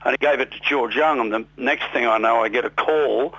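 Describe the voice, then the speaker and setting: A man's voice: mid-range voice, a little fast, hardly any pauses, breathy edge, dry recording, poor audio. An Australian man in his sixties, a musician guest telling rambling, self-deprecating stories in a radio interview. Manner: rambling, self-deprecating, animated when quoting others. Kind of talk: relaxed storytelling in a radio interview.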